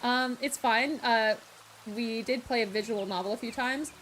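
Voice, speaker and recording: A young Australian woman streaming live, chatting casually with viewers and reading aloud, giggly and animated. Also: fairly high pitch, normal speed, slight background noise, poor audio.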